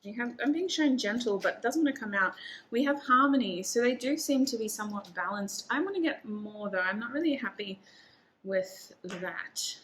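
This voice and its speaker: A woman's voice: a little high, expressive, normal speed, fairly bright tone, slight background noise. A woman giving a casual tarot reading to the camera, chatty and thinking aloud as she lays out cards, with frequent laughs. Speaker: tarot reader.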